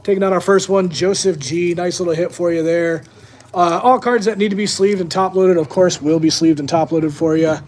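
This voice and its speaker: A man's voice: high-pitched, fairly even intonation, a little fast, darkish tone. A young man hosting a live-streamed sports card break, chatting casually to his viewers as he opens packs.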